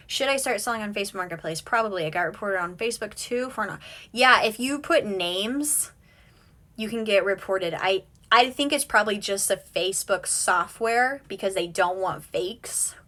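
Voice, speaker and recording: A woman's voice: medium pitch, sharp tone. A woman hosting a casual live stream from home, chatting and answering viewer comments. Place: home at night with kids asleep nearby.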